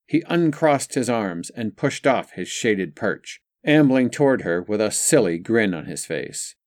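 A man's voice: on the low side, big pitch swings, measured pace, no echo. Male audiobook narrator, dry close sound.

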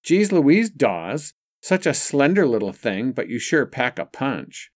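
A man's voice: medium pitch, very animated, measured pace, no echo, clean studio sound, pitched above the performer's own voice. A man doing a smug, sneering rich college guy. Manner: sneering, mocking. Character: smug arrogant privileged young male student.

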